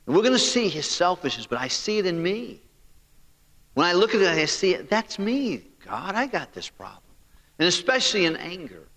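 A man's voice: high-pitched, sing-song, normal speed, a bit bright, in a large hall. A man preaching a sermon as pastor, with emphatic rising delivery and direct appeals to the listeners.

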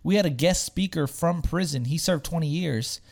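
A young man, chatting casually and telling an animated story, swearing freely and shouting out the voices of the people he quotes. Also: fairly high pitch, moderate pace. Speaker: storyteller guest. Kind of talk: casual podcast chat.

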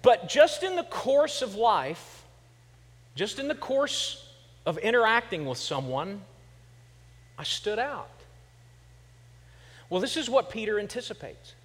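Preaching slowly with long pauses, a middle-aged male pastor from Kansas uses a high, very animated voice that is fairly bright with a breathy edge. He shares humorous stories conversationally before pressing his points hard, his words carrying the big-room sound of a church sanctuary.

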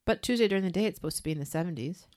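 A woman's voice: lowish voice, very fast, a little mellow. A woman in her thirties co-hosting a podcast in casual, enthusiastic, teasing chat. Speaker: podcast co-host.

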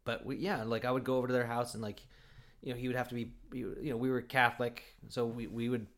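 A man's voice: medium pitch, flat delivery, quick pace. A man from Oregon telling rambling stories in casual chat, full of fillers and restarts. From Oregon, USA.

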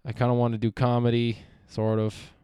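Young male podcast host, solo monologue: smooth, clean voice, dry close mic, meandering and profane. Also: mid-range voice, completely flat delivery, fairly quick, mellow, no room sound. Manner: profane, meandering, self-interrupting.

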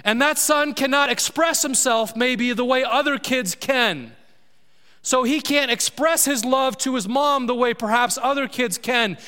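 A pastor with a high, bright voice delivers a sermon to his church. He leans on key words and draws them out slowly. The sound carries the long reverb of a large hall. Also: clear, resonant tone. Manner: emphatic preaching, slowing down to stress key words. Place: church sanctuary.

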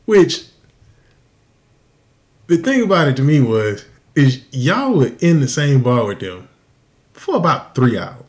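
A man hosting a podcast, telling a crude story in a profane, animated way and laughing often. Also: mid-range voice, slow, pauses often. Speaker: podcast host. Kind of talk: casual storytelling.

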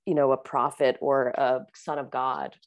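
A woman's voice: very deep voice, flat delivery, a little slow. A woman co-hosting a casual podcast, chatting freely with lots of "like" and "you know" and reading facts aloud now and then. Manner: chatty, laughs easily, fillers like "like" and "you know". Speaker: podcast co-host.

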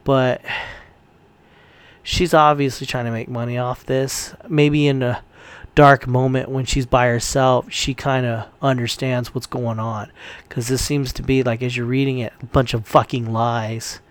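A man's voice: mid-range voice, level tone, unhurried, clear, resonant tone, no room sound. A man ranting in a casual commentary, heated and profane, rambling with frequent restarts.

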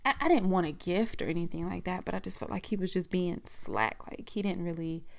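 A woman's voice: on the low side, lively intonation, fairly quick, creaky. A woman telling a personal story in a frank, profane, rambling conversational way.

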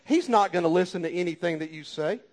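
A man voicing a sly male devil who coaxes in a hushed whisper and then sneers in scorn. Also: high voice, fast, natural voice. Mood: sneering. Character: sly tempting male devil, cruel accuser.

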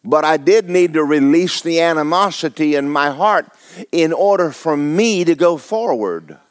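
A man's voice: on the high side, unhurried, dry recording. A man preaching a sermon as pastor, talking to his congregation with rhetorical questions. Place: church sanctuary.

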